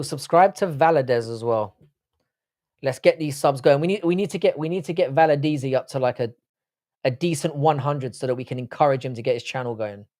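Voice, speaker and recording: A man's voice: medium pitch, a little mellow, no echo, studio quality. A man from Britain, hosting a live stream in casual chat, reading viewer comments and trading sweary, joking banter.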